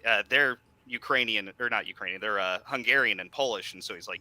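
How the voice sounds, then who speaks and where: A man's voice: fairly low pitch, brisk, bright, forceful tone, no echo, low-quality recording. A man from the US South on a casual talk panel, joking sarcastically. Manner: sarcastic joker. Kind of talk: casual chat.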